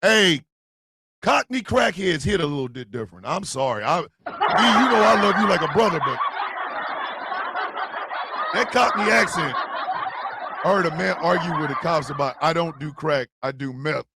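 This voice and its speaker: A man hosting a stream, ranting and joking loudly with profanity and frequent laughter. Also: high voice, big pitch swings, moderate pace, pauses often, very noisy. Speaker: streaming show host. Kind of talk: casual comedic rant.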